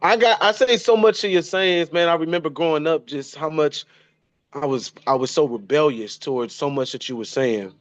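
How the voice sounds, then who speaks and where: A man's voice: on the high side, moderate pace, no echo, muffled recording. Man in his thirties giving an emotional tribute. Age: 30s. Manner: emotional, repeats and restarts phrases. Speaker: son paying tribute. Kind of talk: heartfelt spoken tribute.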